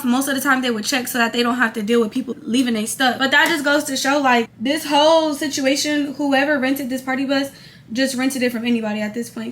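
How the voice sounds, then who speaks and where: A young woman vlogger telling a casual storytime, animated and quoting others as she goes. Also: high voice, slight background noise. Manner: animated storytelling, quoting people in her own voice.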